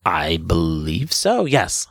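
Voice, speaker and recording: A man's voice: low-pitched, huge pitch swings, slow, gravelly, fairly bright tone, dry recording, clean studio sound. A man hosting a casual film review chat, enthusiastic and full of jokey asides. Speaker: film review podcast host.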